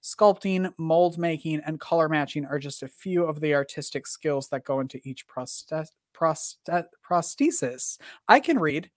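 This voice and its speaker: A man's voice: a little high, moderate pace, hardly any pauses, no room sound, studio quality. Rambling, self-joking male podcast host. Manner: rambling and self-deprecating, with many fillers. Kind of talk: casual live podcast chat.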